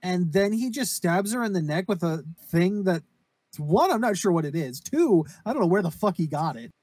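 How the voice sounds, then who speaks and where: Man, casual podcast co-host, rambling, profane, slightly high voice, dry close sound. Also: animated, moderate pace, a little mellow, no echo. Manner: rambling, profane, acts out quotes. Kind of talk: casual chat recapping a horror anime.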